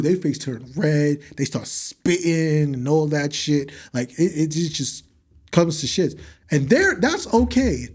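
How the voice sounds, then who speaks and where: A man's voice: a little high, a little mellow. A young man hosting a podcast, speaking in a blunt, heated and profane monologue with emphatic repetition. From United States. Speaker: podcast host.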